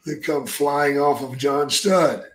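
A man's voice: on the high side, fairly even intonation. An older man, a retired wrestler guesting on an interview, telling blunt stories packed with swearing. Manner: blunt, heavy swearing, drawn-out storytelling. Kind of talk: profane storytelling. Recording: roomy echo.

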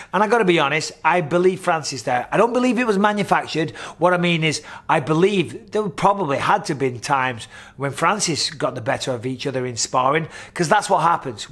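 A middle-aged man, a former fighter, giving blunt, casual commentary and swearing freely. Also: fairly high pitch.

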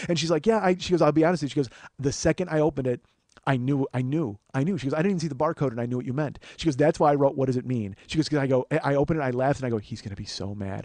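A man's voice: mid-range voice, very fast, darkish tone, dry recording. A man hosting a podcast, telling a comedic story as a profane, exasperated rant. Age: 40s. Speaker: podcast host.

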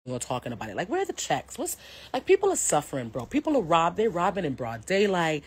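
A woman's voice: lowish voice, wildly swooping pitch, fast talker, breathy edge, dry recording. An American woman hosting a live stream, ranting bluntly to her viewers, swearing freely and calling them bro. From United States. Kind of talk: casual live-stream rant.

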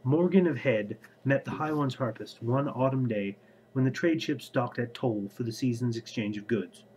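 A man's voice: medium pitch, moderate pace, darkish tone, a little hiss or hum, poor audio. A man hosting a casual book vlog, rambling conversationally and then reading a fantasy chapter aloud. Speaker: book vlogger.

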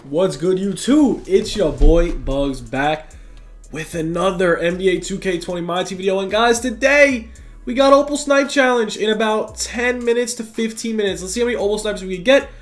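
A young man with a cold, talking fast and casually over his gameplay and saying "bro" a lot. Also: high voice, faint music behind. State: has a cold, sounds tired. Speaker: gaming YouTuber.

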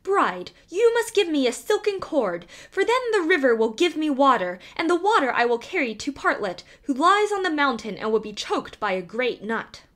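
A woman's voice: high voice, very animated, normal speed, hardly any pauses, a bit bright, voice pushed up. A woman voicing a rooster who hurries about pleading urgently for help. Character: anxious, hurrying rooster.

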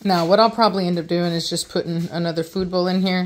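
A woman's voice: on the low side, steady tone, fast talker, noisy background. Chatty woman talking over puppies. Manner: chatty, coos baby talk at the puppies. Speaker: dog breeder and channel host. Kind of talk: casual vlog narration.

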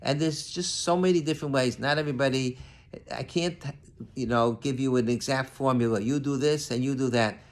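A man's voice: medium pitch, a little fast. An older rabbi preaches in an earnest, conversational way. He quotes a verse, then restates it plainly, often restarting his sentences as he talks. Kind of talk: sermon.

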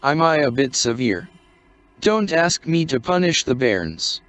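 A man's voice: on the high side, very animated, measured pace, fairly bright tone, dry recording. A man doing a dour Scottish ship's chief. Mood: gentle. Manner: dry, restrained, broad dialect. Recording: dull, muffled lo-fi recording.

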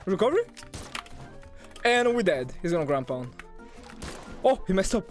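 A young man giving excitable live commentary while playing a fighting game, shouting at big plays and groaning at his mistakes. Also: sits high, moderate pace. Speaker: gaming streamer. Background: game music.

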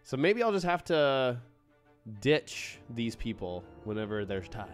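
A man live-streaming a game, excitable and playful, greeting viewers by name and joking in pirate talk. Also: medium pitch, measured pace, soft background music.

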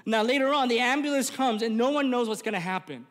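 High-voiced pastor in an echoing hall. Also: male voice, fast, fairly bright tone. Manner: earnest, building to impassioned appeals. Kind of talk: sermon. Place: church sanctuary. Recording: reverberant church hall.

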